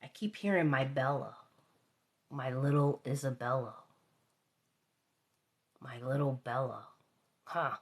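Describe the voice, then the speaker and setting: A woman's voice: a bass voice, slow pace, pauses often, breathy edge. A woman giving a live tarot reading, repeating her phrases and sometimes dropping into a whisper. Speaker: tarot reader.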